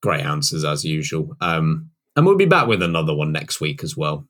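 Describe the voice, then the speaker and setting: A man's voice: a bass voice, wildly swooping pitch, moderate pace, few pauses, a bit bright. A British man co-hosting a casual podcast, teasing his friends and laughing easily. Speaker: podcast co-host. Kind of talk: casual chat.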